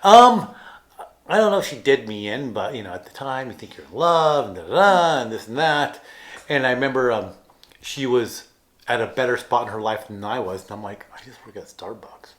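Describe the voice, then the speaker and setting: A man in his thirties chats on a podcast in an easygoing, rambling way. He tells self-deprecating stories full of fillers and restarts, at an ordinary, middle pitch. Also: lively intonation, normal speed, a bit bright. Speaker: podcast co-host. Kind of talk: casual chat.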